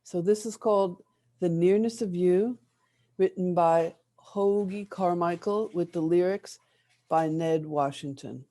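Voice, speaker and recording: A woman reads song lyrics gently and without hurry. Her voice is low and mellow. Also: unhurried.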